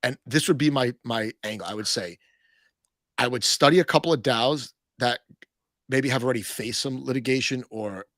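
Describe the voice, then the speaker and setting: A man's voice: medium pitch, normal speed, a bit bright, dry recording, studio quality. A man hosting a casual talk show, speaking bluntly and rambling with frequent restarts. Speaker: podcast host. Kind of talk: casual crypto chat.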